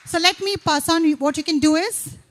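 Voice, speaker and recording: A woman emceeing a campus event, upbeat and coaxing, rattling off tongue twisters quickly. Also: very high voice. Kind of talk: lively stage hosting.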